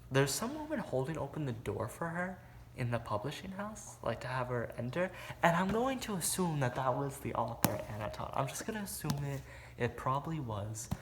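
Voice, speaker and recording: A man's voice: mid-range voice, background noise. A man vlogging at home, recapping a movie in a rambling, casual way, filling his talk with "like". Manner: rambling, heavy use of "like", acts out quotes. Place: room at home.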